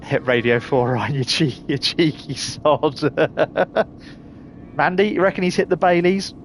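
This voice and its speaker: A man's voice: fairly high pitch, steady tone, measured pace. Man, Surrey accent, middle-aged, chatty streamer talking to viewers, faint hiss in the background. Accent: Surrey English. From England. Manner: chatty, reads out viewers' names and laughs often. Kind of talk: casual live-stream chat.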